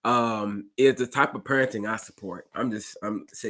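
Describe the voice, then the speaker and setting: A man who drives a school bus, casually telling a story to his listeners and acting out the dialogue with lively jumps in his voice. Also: normal speed, few pauses. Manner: animated, acts out dialogue with big pitch jumps; conversational, addresses listeners directly.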